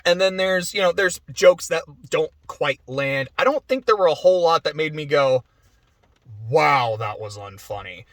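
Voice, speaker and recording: A man's voice: a little high, animated, normal speed, hardly any pauses, fairly bright tone, dry recording. A man giving a casual, rambling movie review, chatty with many fillers and frequent laughs.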